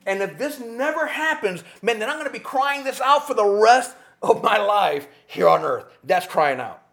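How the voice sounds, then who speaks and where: Man, high voice, passionate sermon, swings loud to soft. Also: lively intonation, moderate pace, gravelly. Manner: passionate preaching, rising to shouts then dropping low. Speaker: pastor.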